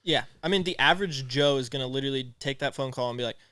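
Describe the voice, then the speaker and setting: Fast-talking rambling man, podcast co-host. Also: medium pitch, bright, forceful tone, smooth, no echo. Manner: rambling, filler-heavy, with frequent "like". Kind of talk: casual chat about sales.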